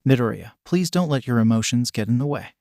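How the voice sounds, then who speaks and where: A man's voice: mid-range voice, expressive, fast, darkish tone, no echo, clean studio sound, natural voice. A man voicing a worried adult male superhero teacher who pleads anxiously.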